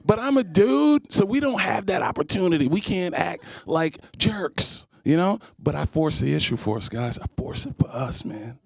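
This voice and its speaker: A young man doing a stand-up comedy set, animated and acting out scenes. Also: high voice, normal speed, gravelly, few pauses, dry recording. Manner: animated, acts out scenes in voices.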